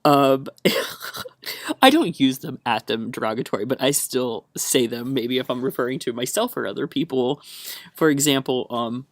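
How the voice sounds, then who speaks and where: A man's voice: mid-range voice, animated, moderate pace, no room sound. A young man from the American South talks on a solo podcast in a chatty, rambling way, laughing often. He sounds wired on caffeine, and his mid-range voice is recorded close and dry. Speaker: podcast host.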